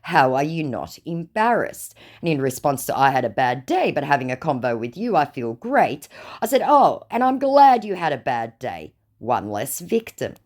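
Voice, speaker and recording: Lively, sarcastic woman telling a story. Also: very deep voice, normal speed. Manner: sarcastic and mocking. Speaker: vlogger recounting scam chats. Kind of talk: storytime narration reading out chat messages.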